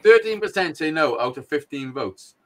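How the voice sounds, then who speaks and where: A middle-aged Welsh man co-hosts a podcast, telling a blunt, sweary story in casual conversation and laughing often. His voice is on the high side, with lively intonation and a moderate pace.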